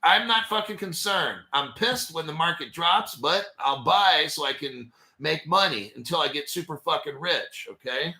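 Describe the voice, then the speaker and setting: A man's voice: a little high, animated, normal speed, hardly any pauses, sharp tone, roomy sound. A man hosting a casual crypto commentary video, talking in a hyped, jokey way and swearing often. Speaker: crypto channel host.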